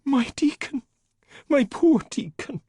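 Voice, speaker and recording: A man's voice: animated, slow, warm tone, no room sound, clean studio sound, full character voice. A man voicing a dramatic, tearful middle-aged woman neighbour who wails and sobs in an audiobook. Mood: wailing. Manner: shrill, wailing sobs. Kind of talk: audiobook character voice.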